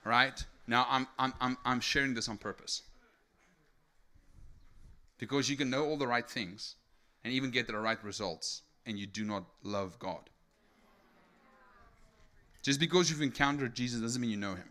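Young man from South Africa, testimony sermon, bright forceful voice, keeps checking in with the crowd. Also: mid-range voice, normal speed, pauses often. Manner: energetic storytelling with many rhetorical "right?" tags. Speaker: speaker giving testimony. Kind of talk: sermon testimony to a live audience.

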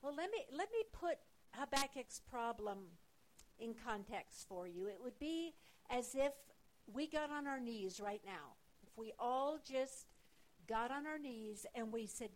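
A woman teaching from the Bible in a sermon, her voice high and her delivery unhurried. She stresses her points emphatically, building intensity as she speaks. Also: expressive, low-quality recording. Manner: slow, emphatic preaching with rising urgency.

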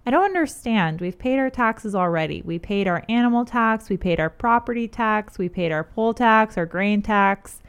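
A bewildered old halfling man, voiced by a woman, protests in a soft, plaintive tone. Her voice is quieter than her usual talk, smooth and clear. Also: medium pitch, expressive, moderate pace.

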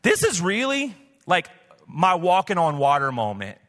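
Brief: male pastor, fairly high voice, candid conversational sermon, live church hall echo. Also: huge pitch swings, unhurried, a bit bright. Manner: conversational, candid preaching with casual asides. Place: church sanctuary, live service. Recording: long church hall reverb.

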